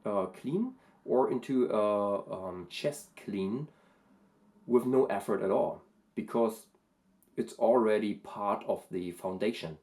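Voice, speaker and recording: A man talking through a casual vocal lesson, thoughtful and hesitant, with many pauses and fillers. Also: on the low side, a little mellow. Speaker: vocal coach and vlogger.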